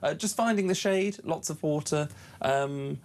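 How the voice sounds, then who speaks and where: A man's voice: a little high, measured pace. A man who is a studio guest on a breakfast radio show, talking earnestly with hesitant restarts. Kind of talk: casual talk radio chat.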